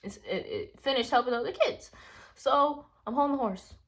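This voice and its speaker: A woman vlogger casually telling a rambling personal story, acting out her own reactions in hushed asides. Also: high voice, normal speed. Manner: animated, rambling, quotes herself in hushed asides.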